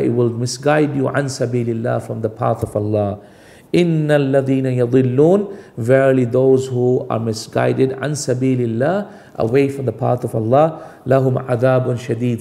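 A male preacher giving a sermon, reciting Arabic verses and explaining each line with rhetorical questions, climbing high when he stresses a point. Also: creaky, warm tone. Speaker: Islamic preacher. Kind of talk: sermon with Quranic recitation and translation.

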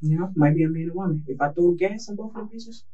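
Brief: male suspect, fast, rambling, profane, agitated, picked up from across an interview room with faint noise. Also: fairly high pitch, mellow, lo-fi sound. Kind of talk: police interrogation answers. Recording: distant mic with faint noise.

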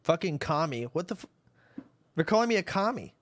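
A man's voice: a little high, sing-song, brisk. Brash trash-talking male streamer. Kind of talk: casual gaming stream chat.

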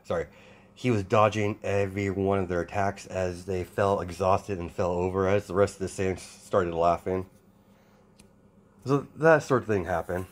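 Man improvising a fan story, halting. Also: deep voice, fairly even intonation. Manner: hesitant, full of restarts and fillers. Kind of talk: improvised fan-fiction narration.

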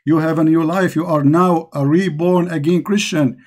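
A man's voice: on the high side, steady tone, moderate pace, a little mellow. A man with an Arabic accent, hosting a call-in religious show and preaching with passion. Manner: impassioned, preaching. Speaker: host.

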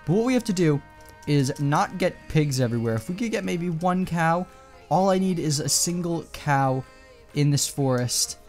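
A man's voice: a little high, lively intonation, normal speed, darkish tone, soft background music. A man giving casual, rambling commentary over his own gameplay, chatting to viewers and coaxing in-game animals along.

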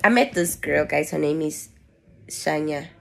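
A woman's voice: low voice, expressive, measured pace, vocal fry. A young woman with a Namibian English accent, chatting casually in a travel vlog, slangy and full of fillers. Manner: chatty, slangy, lots of "like" and "bruh". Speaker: travel vlogger.

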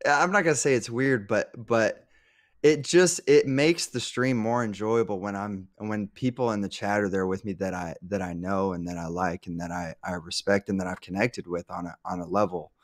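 A man's voice: lowish voice, fairly even intonation, normal speed, no room sound, clean studio sound. A man who streams, chatting casually as a podcast guest, rambling and restarting his sentences and laughing easily. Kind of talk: casual live podcast chat.

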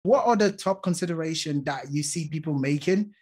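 A man's voice: on the high side, brisk, a little mellow, husky. A man from the UK hosting a podcast, chatting casually and asking questions with light hedging. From United Kingdom. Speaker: podcast host. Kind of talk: casual interview chat.

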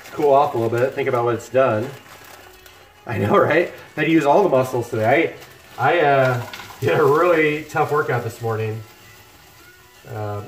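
A middle-aged man hosting a casual cooking livestream from his home kitchen, chatting and joking with viewers while he cooks. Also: medium pitch. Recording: echoey kitchen with music playing. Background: music from laptop speakers, frying food.

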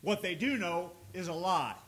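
A man's voice: high voice, lively intonation, moderate pace, a bit bright. A male pastor preaching a sermon, reading scripture aloud and building emphasis. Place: church sanctuary. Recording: echoey church room with faint noise.

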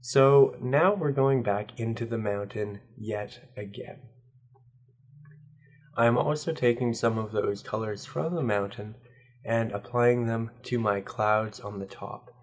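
A young man with a hoarse, under-the-weather voice talks through his painting step by step. His voice sits a little low, and his delivery is calm and explanatory, like a patient instructor. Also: slow pace. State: sick, hoarse voice. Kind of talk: real-time tutorial narration.

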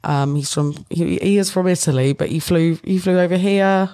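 A woman's voice: fairly low pitch, normal speed, dark tone. A young British woman from the UK, chatting casually as an interview guest, rambling with fillers and frequent laughter. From United Kingdom. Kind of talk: casual chat.

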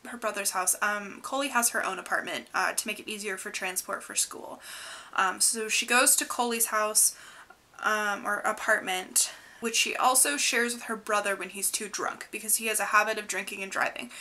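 A woman's voice: medium pitch, sharp tone. A young woman casually retelling a book's plot. She rambles and says "like" a lot, laughing now and then. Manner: chatty, rambling, heavy use of "like"; laughs often while talking. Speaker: book vlogger. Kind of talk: casual book recap.

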